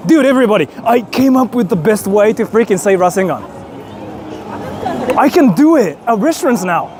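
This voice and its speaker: A young man from Japan chatting casually on a livestream as he walks through city streets. He is excitable, swears a lot and bursts into shouts. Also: sits high, normal speed, music in the background, crowd noise. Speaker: streamer. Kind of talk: casual livestream chat while walking. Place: busy city street outdoors. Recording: street noise behind.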